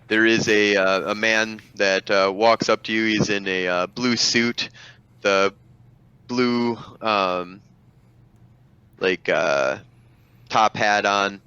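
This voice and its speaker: A man's voice: fairly low pitch, steady tone, takes it slowly, long pauses, pushed and bright, clear, resonant tone, no room sound, muffled recording. A man narrating as game master, rambling and full of fillers.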